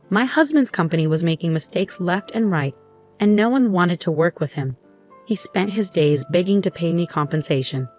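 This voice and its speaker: A woman narrating a first-person story in an even, composed way. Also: on the low side.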